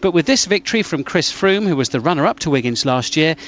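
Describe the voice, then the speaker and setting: A male sports commentator with a slightly raised pitch, reading a prepared report. His delivery is measured and authoritative. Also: expressive, fairly bright tone, slight background noise. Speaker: cycling commentator.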